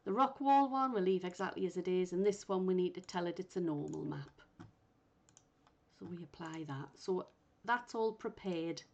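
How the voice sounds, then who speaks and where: A woman instructor guiding learners step by step through a software tutorial, thinking aloud as she works. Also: on the low side, moderate pace. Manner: patient, thinks aloud while working. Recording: muffled lo-fi recording.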